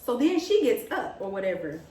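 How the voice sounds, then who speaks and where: A young woman vlogger telling a story in casual chat, animated and dramatic, quoting what people said. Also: mid-range voice, normal speed, a little hiss or hum. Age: young adult. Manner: animated, dramatic retelling with gasps and quoted lines. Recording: echoey room, mic at a distance.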